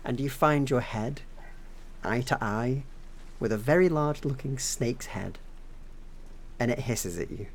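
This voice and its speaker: A game master narrating a tabletop game in a relaxed way, laughing often and making little sound noises. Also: medium pitch, a little slow, long pauses.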